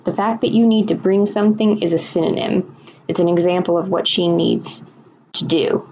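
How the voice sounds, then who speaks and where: Woman teacher, patient explainer, slightly gravelly, lo-fi screen-recorded lesson. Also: fairly low pitch, fairly even intonation, moderate pace, a little mellow, a little hiss or hum.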